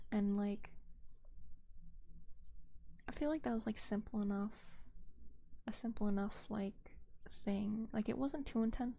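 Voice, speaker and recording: A young woman streamer chatting softly into a binaural mic, a rambling, whispered casual chat full of fillers. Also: fairly high pitch, creaky. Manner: soft, rambling, with frequent fillers and light laughs. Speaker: VTuber ASMR streamer. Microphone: binaural dummy-head mic.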